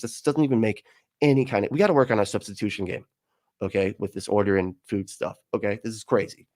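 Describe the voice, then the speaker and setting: A man's voice: lowish voice, fast, a little mellow. A man hosting a livestream, reading chat comments in a rambling, jokey way and laughing often.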